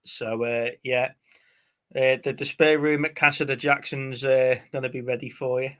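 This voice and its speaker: This male co-host of a movie live stream has a medium-pitched, level voice and a moderate pace. He tells stories in a rambling, casual way, with fillers throughout.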